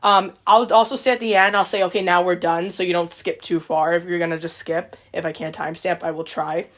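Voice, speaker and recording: A woman hosts a podcast in relaxed, casual chat. She rambles through a retelling, full of likes and quick quoted voices. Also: lowish voice. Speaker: podcast host.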